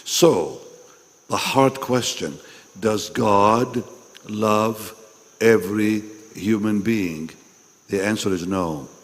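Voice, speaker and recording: Slow preacher with a strained voice in a hall. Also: male voice, on the low side. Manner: swings from loud calls to hushed, breathy asides. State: recovering from a lost voice. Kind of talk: sermon to pastors. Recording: long hall reverb.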